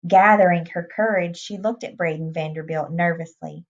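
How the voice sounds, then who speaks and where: A woman reading a novel aloud in a plain, unhurried way, with small restarts. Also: on the low side, fairly even intonation. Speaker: reader. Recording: dull lo-fi recording.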